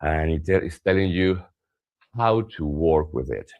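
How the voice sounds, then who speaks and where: A man teaching a guided yoga stretching session, giving calm cues and softly stressing key words, with some hesitant fillers as he explains. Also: rumbling low, unhurried, dull audio. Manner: calm instructive cues, drops to soft emphasis. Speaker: yoga and somatic practice teacher.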